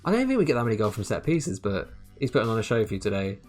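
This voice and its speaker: A man giving casual, excitable commentary on a football management game, chatty and laughing often, sometimes tripping over his words. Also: fairly low pitch, racing, faint music behind. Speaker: gaming YouTuber.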